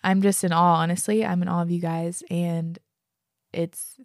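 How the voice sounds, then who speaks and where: Young female podcast host with a gravelly voice, effusive and sweary, reading fan emails in a dry room. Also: fairly low pitch, flat delivery, normal speed, dry recording. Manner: effusive, swears freely, gushes with praise. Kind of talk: casual chat, reading listener stories aloud.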